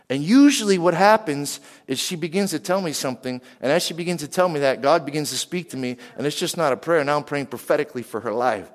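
A man from western Pennsylvania preaching a sermon, lively, and he keeps asking the crowd questions. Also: on the high side, fast talker. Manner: animated, asks the crowd questions. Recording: long hall reverb.

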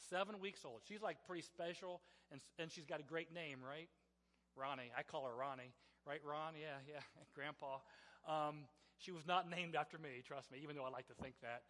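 High-voiced pastor in an echoing hall. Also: male voice, a bit bright. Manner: halting, often repeats and restarts words. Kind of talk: conversational storytelling sermon. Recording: long reverb of a large hall.

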